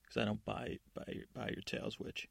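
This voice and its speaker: A man playing a stern, stubborn captain of the guard in a sleep story, speaking in a gruff, curt, dismissive way. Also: lowish voice, flat delivery, a little fast, dry recording. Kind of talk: sleep-story narration with character voices.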